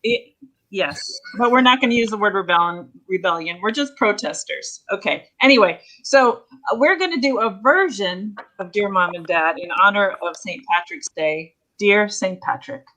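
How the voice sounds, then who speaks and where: A woman's voice: mid-range voice, lively intonation, moderate pace, bright, forceful tone, low-quality recording. A woman hosting an online improv game in a casual, bubbly way, laughing often.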